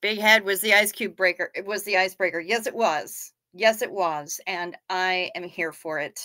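At a moderate pace, a woman with a fairly low pitch and a sharp tone hosts a livestream. Her accent is Midwestern American, and she chats casually, gushing playfully and easily over viewer photos and comments.

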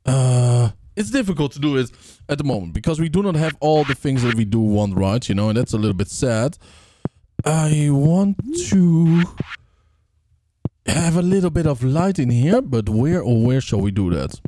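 Animated man narrating his game. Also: medium pitch, moderate pace, slight background noise. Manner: chatty, talks to game characters, hums and sings. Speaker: gamer. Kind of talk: casual let's play commentary. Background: game music.

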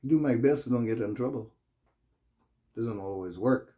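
A man with a Quebec French accent rambles through a casual vlog rant to camera. He talks in loose, non-native English and swears freely, his voice sitting at an ordinary middle pitch. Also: normal speed, mellow. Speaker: vlogger.

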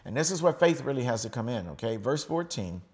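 A middle-aged American man preaching a sermon in a relaxed, conversational way, often checking in with "okay?" and restarting his phrases. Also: mid-range voice, fast. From United States. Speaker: pastor.

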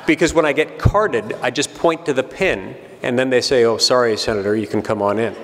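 Middle-aged male speaker, gravelly, dry self-deprecating humor, reverberant hall. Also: medium pitch, brisk. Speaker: senator giving a speech. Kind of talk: humorous public speech.

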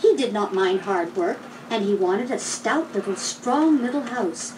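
A woman narrating a children's storybook in a measured, gently expressive way. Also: medium pitch. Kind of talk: storybook read-along narration. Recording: noisy, distant old record.

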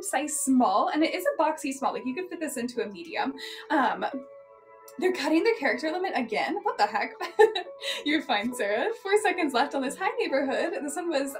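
A young woman chatting casually on a live stream as she sells thrifted clothes, giggling often and filling gaps with "um" and "like.". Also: high voice. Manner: chatty, giggly, lots of ums and likes. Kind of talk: casual live-selling chat.

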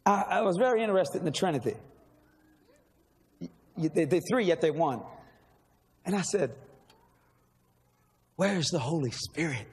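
A middle-aged man, a minister telling his story in an animated sermon, breaking into shouts. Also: fairly high pitch, moderate pace, pauses often. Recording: live hall reverb with faint crowd.

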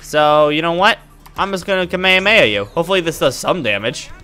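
A man giving goofy, excitable commentary while playing a video game. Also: a little high, fast talker, faint music behind. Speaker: gaming YouTuber. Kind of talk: casual let's-play commentary.

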